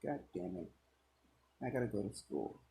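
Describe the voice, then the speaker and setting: A man's voice: on the low side, lively intonation, normal speed, gravelly, a little hiss or hum, poor audio. A man voicing an irritated, foul-mouthed teenage boy hero in a read-aloud fan story. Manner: curt, swears, yells when angry.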